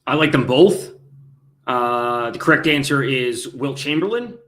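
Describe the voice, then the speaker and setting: A man who is a guest on a betting podcast, giving relaxed picks with frequent filler sounds. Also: medium pitch, measured pace. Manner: easygoing, with frequent filler ums. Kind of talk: sports betting analysis.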